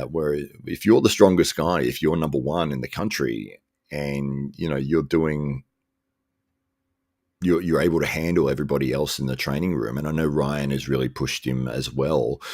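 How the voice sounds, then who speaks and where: A man hosting a casual live stream, chatting in a relaxed, rambling way and chuckling often. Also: rumbling low, normal speed, no room sound, studio quality. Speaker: live show host reading chat.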